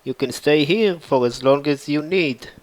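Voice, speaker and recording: A man voicing a kind, generous male farmer who speaks gently and a bit hesitantly. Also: a little high, unhurried, no room sound, natural voice, rough recording.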